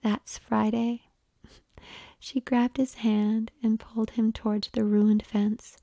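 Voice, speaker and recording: A woman narrating an erotic story in an unhurried, hushed whisper. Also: on the high side, level tone, no room sound. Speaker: audiobook narrator.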